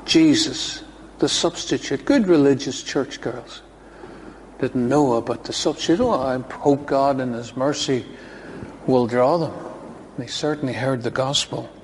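A man's voice: medium pitch, a little slow, big-room sound, a little hiss or hum. A male preacher giving a sermon to a congregation, chatty, with joking asides and chuckles. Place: church hall before a congregation.

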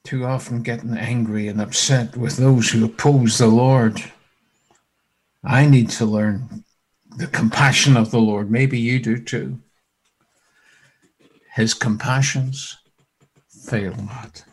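Male preacher, husky and unhurried, dramatic swings from loud to hushed. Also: medium pitch, steady tone. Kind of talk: sermon.

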